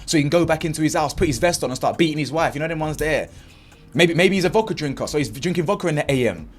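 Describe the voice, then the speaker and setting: Husky, animated man ranting. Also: on the high side. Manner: animated and indignant, acts out quotes, heavy slang. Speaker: commentary channel host. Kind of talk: reaction commentary.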